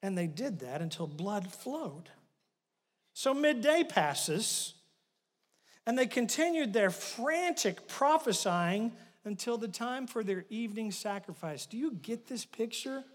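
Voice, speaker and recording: A male pastor preaching a sermon, retelling a story with animated swings from loud bursts to hushed asides. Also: high-pitched, slow, in a large hall.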